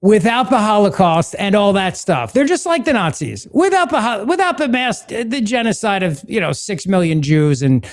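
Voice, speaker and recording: A man's voice: sits high, big pitch swings, normal speed, hardly any pauses. A man hosting a political talk podcast, sarcastic and mocking in a casual chat. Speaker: podcast host.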